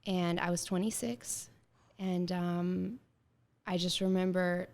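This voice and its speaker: A woman around thirty, a guest in an interview, telling her story in a lively way and acting out bits of dialogue, with many filler words. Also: on the low side, slow pace. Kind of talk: casual interview conversation.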